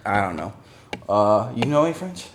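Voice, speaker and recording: A man hosting a casual live-stream chat, jokey and quick to laugh. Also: lowish voice, very animated. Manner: chatty, laughs often, jokey. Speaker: host of a channel live stream.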